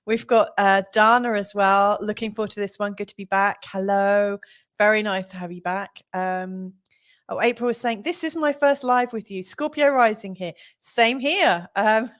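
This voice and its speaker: A woman astrologer hosting a live stream, chatting casually with many fillers and frequent laughs. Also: medium pitch. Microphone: studio mic.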